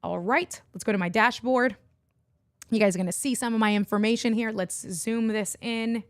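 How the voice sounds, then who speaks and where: A woman's voice: mid-range voice, no room sound, studio quality. A middle-aged woman hosting a casual livestream, chatting and laughing with her viewers as she goes. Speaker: livestream host and online entrepreneur.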